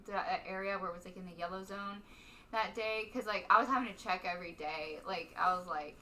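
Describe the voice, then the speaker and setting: Chatty, bright-voiced woman comic. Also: lowish voice, a little fast, far from the mic, slight background noise. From Stephenville, Texas. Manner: rambling, heavy use of "like", laughs often. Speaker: stand-up comic, podcast guest. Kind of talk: casual podcast chat.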